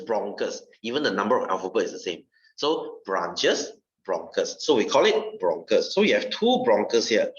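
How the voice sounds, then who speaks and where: A young man with a Singaporean English accent teaches a science class, his pitch rising and falling a lot as he explains. He talks in a loose, chatty way and fills almost every pause with "okay". The sound is dull and a little distant from the mic. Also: a bit bright. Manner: chatty, repeats "okay" constantly. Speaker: science tutor. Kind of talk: classroom lesson.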